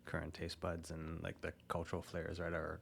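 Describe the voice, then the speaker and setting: A man's voice: sits low, completely flat delivery, normal speed, gravelly. A man hosting a casual interview, asking rambling questions and chiming in often with short replies. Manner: rambling questions, frequent backchannels. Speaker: podcast host.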